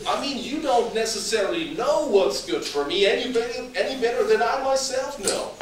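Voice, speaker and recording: A cheeky teenage boy talks back to his father with sarcasm, read aloud by a man. The voice is high and bouncy. It sounds captured from far away in a very echoey room with steady background noise. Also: normal speed. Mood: defiant. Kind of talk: reading a comic dialogue aloud. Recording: echoey hall, mic far off, noisy.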